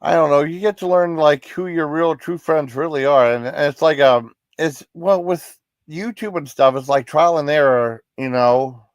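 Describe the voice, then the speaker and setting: A man's voice: a little high, moderate pace, hardly any pauses, no room sound, studio quality. A man hosting a livestream, chatting casually with viewers in a rambling, apologetic, reassuring way. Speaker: livestream host.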